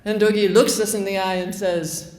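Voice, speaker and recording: A woman tells a comic tall tale to a live audience with lively, animated delivery. Her voice sits mid-range. The room is echoey. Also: medium pitch, normal speed. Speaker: storyteller.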